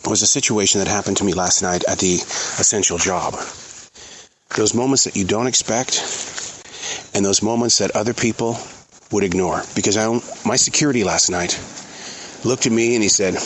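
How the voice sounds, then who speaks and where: A middle-aged man hosting his own show, speaking in an earnest, halting, reflective way while out in a forest. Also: fairly low pitch, slight background noise, rough recording. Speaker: podcast host. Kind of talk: reflective spoken monologue. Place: outdoors in a forest.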